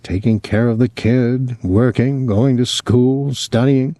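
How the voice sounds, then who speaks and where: A man's voice: medium pitch, fairly even intonation, slow, warm tone, no echo, studio quality, close to an everyday voice. A man doing a wheedling, tipsy young husband. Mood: pleading. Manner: wheedling, reproachful. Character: flushed, pleading young husband, a little drunk.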